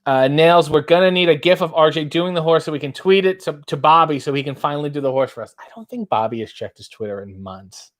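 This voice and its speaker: A man's voice: fairly high pitch, fast talker, hardly any pauses. A middle-aged man hosting a casual live stream, reading out viewer comments and bawdy limericks with a playful sing-song lift. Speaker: host.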